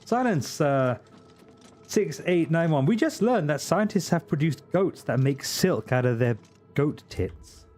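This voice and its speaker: A man's voice: fairly high pitch, lively intonation, measured pace, a little mellow, faint music behind. A man streaming a game live, chatting casually and ranting crudely in comic asides. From Britain.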